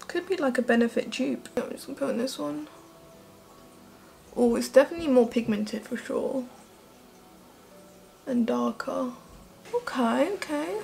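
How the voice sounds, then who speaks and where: A woman's voice: high-pitched, a little slow, gravelly, pauses often, darkish tone. A young woman chatting through a makeup tutorial as a beauty vlogger, gushing and emotional. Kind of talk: casual makeup tutorial chat.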